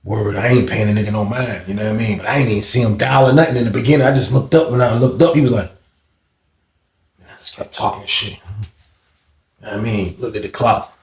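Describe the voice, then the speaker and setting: A young man casually telling a storytime monologue, animated, dropping to low mutters and jumping up to loud shouts when he quotes people. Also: fast, long pauses. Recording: echoey room.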